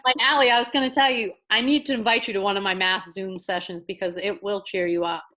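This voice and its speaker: Upbeat, bright-voiced woman teacher. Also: medium pitch, steady tone, quick pace. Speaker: math teacher. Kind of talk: casual video-call chat.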